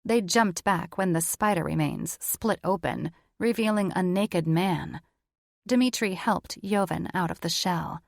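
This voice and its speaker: A woman narrating a fantasy audiobook in a measured, even reading voice on a close studio mic. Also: fairly low pitch, vocal fry, no room sound. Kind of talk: scripted narration.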